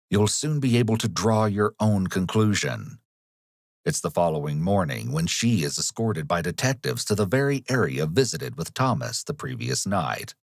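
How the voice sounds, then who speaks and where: A man with a deep, low voice reads scripted narration. He speaks in a measured, analytical way. The sound is dry and close, with no room in it. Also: no room sound. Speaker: documentary narrator.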